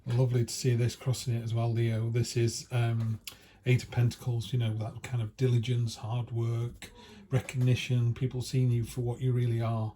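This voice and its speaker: A man's voice: mid-range voice, monotone, normal speed, dark tone, a little hiss or hum. A man giving a casual, chatty tarot reading from home, enthusiastic and full of fillers. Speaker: tarot reader. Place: home by a field. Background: faint outdoor ambience, dogs passing.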